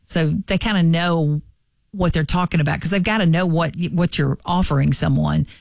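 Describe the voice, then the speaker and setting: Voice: medium pitch, steady tone, moderate pace, gravelly, no room sound, studio quality. A radio co-host chatting easygoing on a morning show. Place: radio studio.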